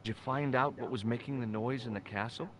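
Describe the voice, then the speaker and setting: An actor playing a dry, curious investigator who questions people calmly. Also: male voice, medium pitch, a little fast, a little hiss or hum, lightly acted. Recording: game audio with music behind.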